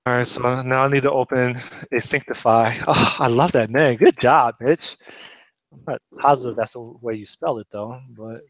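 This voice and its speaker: A man's voice: mid-range voice, normal speed, fairly bright tone, no room sound. A man chatting casually while programming, thinking aloud and asking questions as he works. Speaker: programmer sharing his screen. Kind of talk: casual pair-programming chat.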